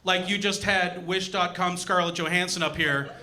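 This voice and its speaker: Bright, high-voiced male stand-up comic. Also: normal speed. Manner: animated, acts out voices and punchlines. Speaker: stand-up comedian. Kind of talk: stand-up comedy set. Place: comedy club stage.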